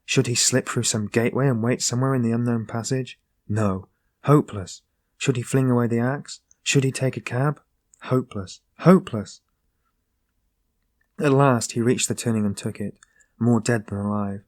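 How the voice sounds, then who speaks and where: A man narrating a classic novel as an audiobook, in a steady, measured reading. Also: mid-range voice, no room sound. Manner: steady, measured reading that rises into voiced dialogue.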